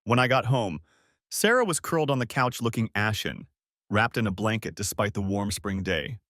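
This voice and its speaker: A man narrating a first-person revenge story in a measured, wry storytelling manner, recorded close to the mic. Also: on the low side, animated, a bit bright, no room sound.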